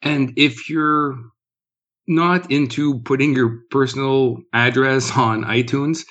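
A man's voice: medium pitch, fairly even intonation, slow, fairly bright tone, muffled recording. A man co-hosting a film podcast, joking and rambling in casual chat. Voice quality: jokey, rambling. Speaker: podcast co-host.

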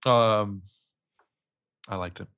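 A man's voice: fairly low pitch, fairly even intonation, extremely slow, fairly bright tone, smooth. Guy riffing on a movie, crude jokes, lotta ums, kinda muffled lo-fi audio. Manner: crude, joking, rambling with many fillers. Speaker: podcast co-host. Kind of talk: casual movie recap chat.

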